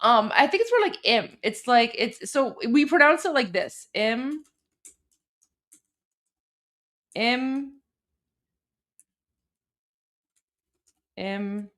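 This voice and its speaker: A woman's voice: on the high side, big pitch swings, moderate pace, fairly bright tone. A woman from Iran giving casual political commentary, chatty and reacting to clips and comments.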